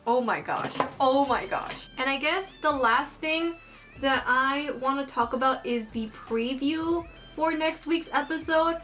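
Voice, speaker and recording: A young woman in a casual vlog, rambling excitedly about an anime episode while she does her makeup, gushing like a fan. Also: high-pitched, a little slow, soft background music. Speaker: anime review vlogger.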